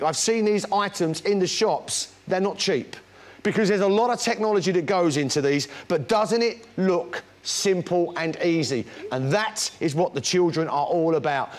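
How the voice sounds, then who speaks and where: A British man presenting a shopping channel demonstration, chatty and enthusiastic, full of anecdotes. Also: sits high. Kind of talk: live product demonstration sales pitch.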